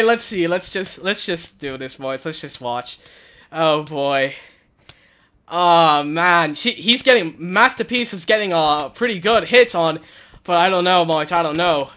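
Young man, high bright voice, jittery gameplay commentary, headset mic. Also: lively intonation, measured pace. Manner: nervous, shouts and cries out in panic. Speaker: gaming channel host. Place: hot room at home.

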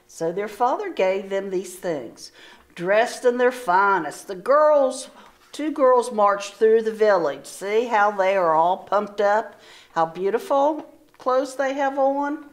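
A woman teacher reading a storybook aloud to children with expressive storytelling. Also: medium pitch. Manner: slow, expressive storytelling with pauses.

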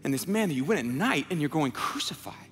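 A fast-talking young adult pastor with a slightly high voice and lively intonation preaches conversationally, voicing the quotes he recounts. He escalates to impassioned near-shouting, backed by soft music in a long-reverb hall.

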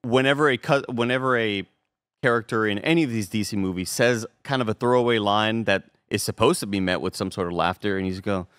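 A man's voice: lowish voice, quick pace, fairly bright tone, clean tone, dry recording. A man co-hosting a casual movie review podcast, rambling in a laid-back way and swearing casually. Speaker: podcast co-host.

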